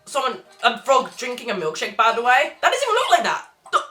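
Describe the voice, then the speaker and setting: A woman's voice: on the high side, sing-song, brisk, pushed and bright, faint music behind. A woman hosting a casual reaction video, rambling and laughing often.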